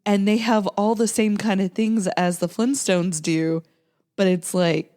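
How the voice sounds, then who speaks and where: A woman's voice: mid-range voice, fairly even intonation, measured pace, darkish tone. Chatty woman podcast co-host. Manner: chatty, rambling, lots of "like". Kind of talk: casual chat.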